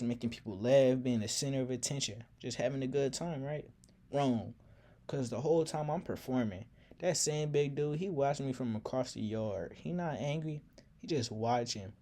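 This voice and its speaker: A man's voice: mid-range voice, dark tone. A man telling a personal story in a casual, slangy, reflective way.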